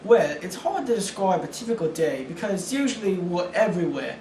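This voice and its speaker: A man's voice: high-pitched, sing-song, fairly quick, warm tone, reverberant, distant mic, a little hiss or hum, poor audio. A young man playing a British astronomer in an amateur skit, earnest and stumbling over his words. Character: pompous British male astronomer being interviewed. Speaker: interviewee in a school project skit.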